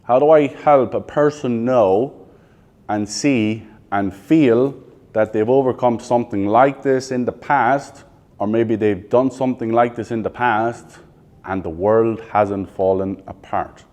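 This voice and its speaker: A man's voice: mid-range voice, a little mellow. An Irish man in his thirties leading a live sales training, firing questions at the room and answering bluntly, with some swearing. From Ireland. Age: 30s. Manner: quizzes the audience with rapid questions, blunt and profane.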